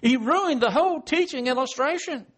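A man's voice: very high voice, lively intonation, moderate pace, fairly bright tone. A man preaching a verse-by-verse Bible sermon in a conversational way, asking rhetorical questions and chuckling as he explains. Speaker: Bible teacher.

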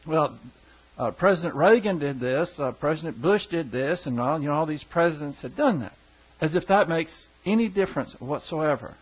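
A pastor chats with his flock in a loose, folksy ramble and chuckles between stories. His voice sits a bit high for a man and has a husky grain. The recording is dull and lo-fi. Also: lively intonation, normal speed, few pauses. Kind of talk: casual storytelling to a congregation.

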